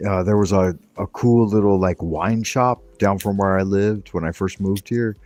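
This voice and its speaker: A man hosting a casual live stream, telling relaxed stories and swearing casually. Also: low-pitched, moderate pace, dry recording. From United States. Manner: laid-back storyteller, swears casually. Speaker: stream host. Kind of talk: casual chat.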